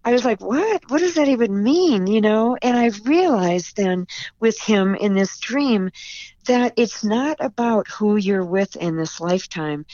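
A woman's voice: medium pitch, mellow, no echo. Woman author, podcast guest, earnest and emotional storyteller, dry and slightly muffled recording. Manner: tearful and earnest, with repeated restarts.

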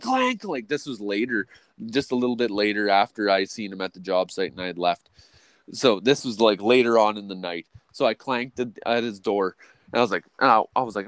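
A man co-hosting a podcast spins a long, rambling story, swearing in nearly every line and tripping over restarts as he goes. His voice sits at an ordinary middle pitch, and the sound is close and dry with no room echo. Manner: profane, rambling, full of restarts and "or whatever, right"; jumps to a much higher, louder voice when quoting people. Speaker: podcast co-host. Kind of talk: casual storytelling chat.

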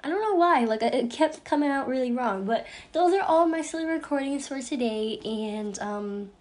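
A woman's voice: sits high, expressive, moderate pace. A young woman hosting a podcast, bubbly and giggly, who stumbles over her words and restarts her intro again and again. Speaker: podcast host. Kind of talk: casual blooper reel of podcast intros.

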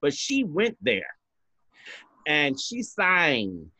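A man's voice: fairly high pitch, wildly swooping pitch, drawn-out words, sharp tone, dry recording. A man co-hosting a podcast in casual chat, sassy and emphatic, cursing freely. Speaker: podcast co-host.

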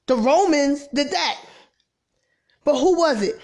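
A woman preaching an informal sermon, swinging from exasperated emphasis to soft, near-whispered lines. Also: high-pitched, animated, a little fast.

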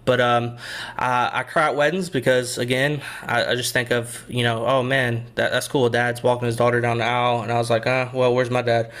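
A man's voice: mid-range voice, little pitch movement, a little fast, a bit bright. A young man co-hosting a casual podcast, rambling and self-deprecating, laughing often as he talks. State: a bit out of breath. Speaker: podcast co-host and youth pastor.

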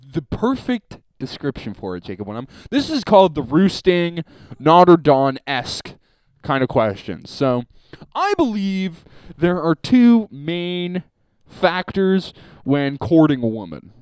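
Young male co-host, animated and jokey, dry close-mic sound. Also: a little high, slow, clean tone, no room sound. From Canada. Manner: animated, jokey, swears freely. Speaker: podcast co-host. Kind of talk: casual chat.

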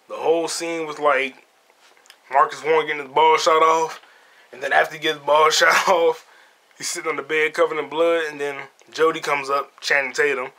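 A man with a fairly high, bright, forceful voice talks through a film he just saw, scene by scene. He is loose and profane, laughing at his own retelling as a podcast host. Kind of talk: casual solo movie review.

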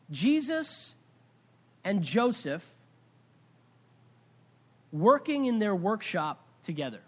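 In a high-sitting male voice, a pastor delivers a conversational sermon. He tells a story, his volume swinging between loud and soft.

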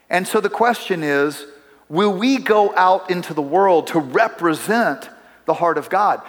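A middle-aged man preaches from a church platform with a fairly high voice. He talks in a relaxed, conversational way, telling stories and turning to the congregation with asides. His voice carries a long reverb through the sanctuary. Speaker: pastor. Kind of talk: sermon.

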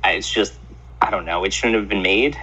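A man co-hosting a casual chat, telling joking, animated stories over lo-fi remote audio. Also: low voice, fairly quick, husky. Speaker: podcast co-host.

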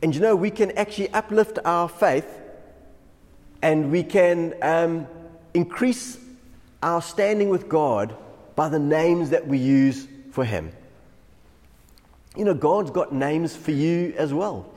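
A man delivers a devotional sermon as a pastor, his voice sitting a little high for a man. He laughs lightly through his stories. The sound carries a long, lingering reverb, as if in a large hall. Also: lively intonation, slow pace, long pauses, darkish tone. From South Africa. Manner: chuckles often while telling stories.

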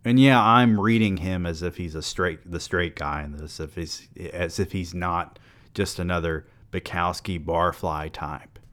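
A man's voice: deep voice, a little slow, a bit bright. A man reading a story aloud and breaking off into irreverent, rambling asides. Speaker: story reader.

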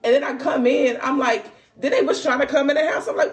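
A young woman with a high voice talks fairly quickly with few pauses as she hosts a spiritual podcast. Animated and laughing, she exclaims often and uses lots of slang while telling a dream story, then moves on to reading cards.

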